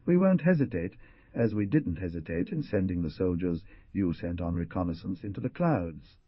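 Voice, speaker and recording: A man's voice: low voice, expressive, moderate pace, husky, no room sound, highs cut off. A man voicing a cool defiant French count. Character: bold composed French nobleman, a count.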